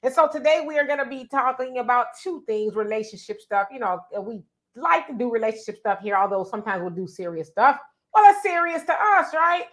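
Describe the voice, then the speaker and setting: A woman hosting a talk show about relationships, chatting in a lively, emphatic way. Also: fairly high pitch, a little fast. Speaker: show host. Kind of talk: casual talk show chat.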